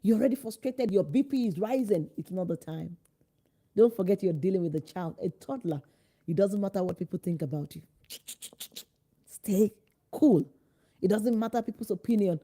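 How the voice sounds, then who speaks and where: Woman, parenting coach; warm, mellow tone; emphatic, direct, asks the listener questions. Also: mid-range voice, lively intonation, moderate pace. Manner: acts out parents' and children's lines in changed voices. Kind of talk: instructional talk to parents.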